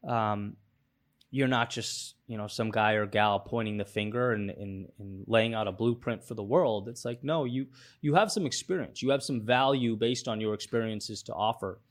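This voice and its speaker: A man's voice: fairly low pitch, moderate pace. A man speaking as a podcast guest, thoughtful and full of fillers and restarts. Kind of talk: casual interview talk.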